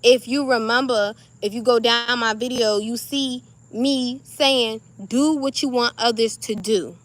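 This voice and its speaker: A woman with a slightly high voice talks straight to her viewers in a loose, animated spiritual pep talk. Her comes through clearly, and she acts out little scenes with a playful laugh. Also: a little slow. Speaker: spiritual vlogger.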